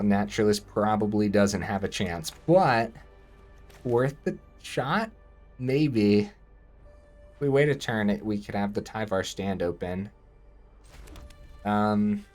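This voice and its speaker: A man giving casual gameplay commentary, thinking aloud and breaking into excited outbursts. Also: lowish voice.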